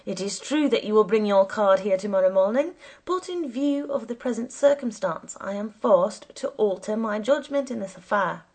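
A woman's voice: medium pitch, expressive, normal speed, hardly any pauses, darkish tone, slightly rough. A woman voicing a stern, fussy male police commissioner who speaks formally and precisely.

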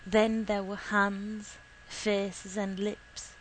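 A woman reading a literary short story aloud in a measured, deliberate way. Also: medium pitch, fairly even intonation, slight background noise, poor audio. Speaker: reader.

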